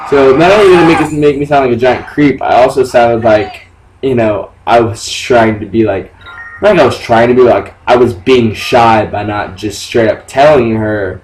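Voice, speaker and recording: A young man rambles through his gameplay commentary, cursing freely and cracking jokes. His voice sits at an everyday middle pitch. He sounds set back from the mic, with clear background noise running under everything. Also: animated, moderate pace, a little mellow, recorded from a distance, low-quality recording. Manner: profane, rambling, jokey. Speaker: let's play gamer.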